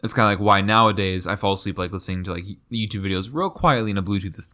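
Young male co-host, low pitch with a bright, forward tone, rambling and relaxed. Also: fast. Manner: rambling, laid-back storytelling with fillers. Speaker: podcast co-host. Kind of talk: casual chat.

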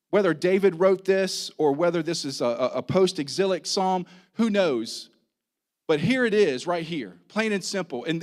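A man preaching a sermon in church, with an emphatic delivery that rises and falls, and leading a prayer. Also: fairly high pitch. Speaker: pastor.

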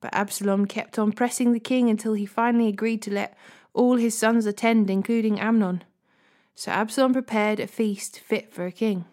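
A woman reading a Bible passage aloud as a steady storyteller, hosting a daily reading series. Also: medium pitch, normal speed. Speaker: Bible reader.

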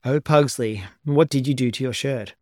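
An elegant gothic mother, as a male reader puts her on, speaks with calm, gracious courtesy. Her lines are gentle and measured at a middling pitch. The recording is dry and close. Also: no room sound, natural voice.

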